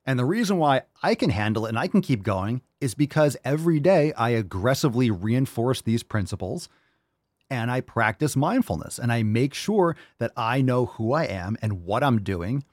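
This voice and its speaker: A man's voice: mid-range voice, big pitch swings, moderate pace, a little mellow, no room sound, studio quality. A man hosting a fitness podcast, ranting bluntly and preachily with plenty of swearing. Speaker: podcast host. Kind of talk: opinionated fitness podcast rant.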